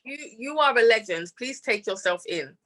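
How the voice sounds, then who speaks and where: A woman's voice: fairly high pitch, lively intonation, normal speed, fairly bright tone. A woman interviewing a guest in a chatty, encouraging manner with plenty of slang. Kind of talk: casual interview chat.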